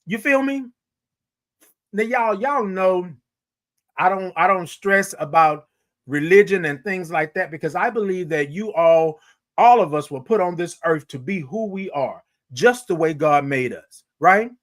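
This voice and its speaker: A man's voice: high voice, a little slow, fairly bright tone. A man hosting a morning show, delivering a motivational monologue in a preacherly way, talking straight to his listeners and repeating lines for emphasis.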